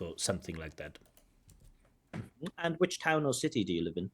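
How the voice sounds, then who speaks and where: An IELTS examiner and teacher breaks down a recorded speaking test, stopping point by point to explain and comment as spoken exam feedback. His voice is on the low side, expressive and brisk.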